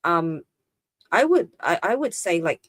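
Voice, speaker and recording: A woman speaking as an interview guest, thoughtful and measured, with frequent fillers. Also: fairly low pitch, sing-song, fairly bright tone, dry recording. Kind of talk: casual conversational interview.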